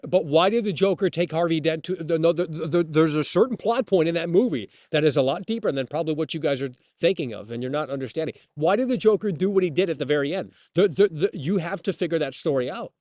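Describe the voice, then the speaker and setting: A streamer hosting a live stream rants bluntly and opinionatedly, swearing a lot, often repeating words and restarting sentences. His voice is fairly high and darkish in tone, racing along with hardly any pauses, in studio-quality audio without room sound.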